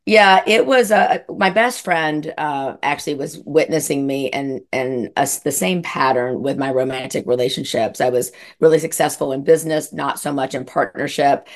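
A woman coach, a guest on an interview show, telling her story in an animated way with many restarts. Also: sits low, moderate pace, hardly any pauses. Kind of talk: casual interview chat.

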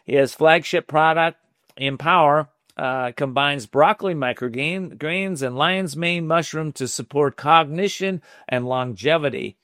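A man's voice: fairly high pitch, measured pace, fairly bright tone, dry recording, clean studio sound. A man hosting a talk show, interviewing a guest and reading his bio in a friendly way.

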